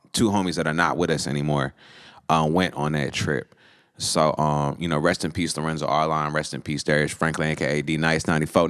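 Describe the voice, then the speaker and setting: A man's voice: low-pitched, fairly bright tone, no room sound, clean studio sound. A young man, a musician, casually telling a story from his band's road trip with slang and laughter. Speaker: musician vlogger.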